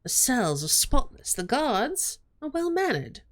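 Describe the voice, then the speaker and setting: A woman voicing a proper, deadpan male falcon lawyer in a visual novel read-aloud. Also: high-pitched, a little slow, pitched above the performer's own voice. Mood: dry.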